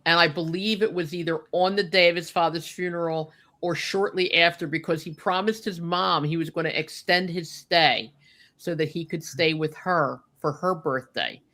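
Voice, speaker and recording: A woman telling a personal story with deep feeling, choked up, with lots of "you know" and "like". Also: normal speed, fairly bright tone. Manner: heartfelt, many fillers like "you know" and "like". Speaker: guest recalling a friend.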